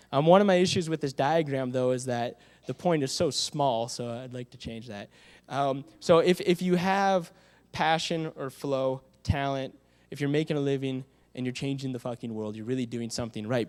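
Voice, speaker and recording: Young male keynote speaker, emphatic motivator with a slightly high voice, long hall reverb. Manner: energetic, emphatic, talks to the audience with rhetorical questions. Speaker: conference speaker. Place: conference hall stage.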